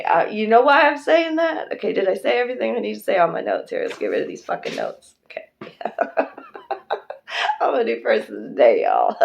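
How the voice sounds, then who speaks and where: A woman's voice: fairly high pitch, gravelly. A woman doing a pick-a-card tarot reading, chatty and emotional, who swears freely and speaks fondly to her viewers. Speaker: tarot reader.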